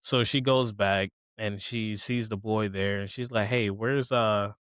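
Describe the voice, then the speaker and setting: A man's voice: on the low side, steady tone, unhurried, a bit bright, no room sound. A man casually recapping an anime episode, acting out characters' lines with profane slang. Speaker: podcast co-host.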